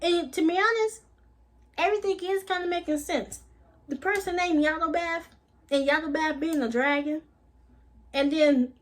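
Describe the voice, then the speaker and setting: High-voiced emphatic woman vlogger. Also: fairly bright tone. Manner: emphatic, blunt, swears freely; repeats phrases for emphasis. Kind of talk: casual spiritual monologue.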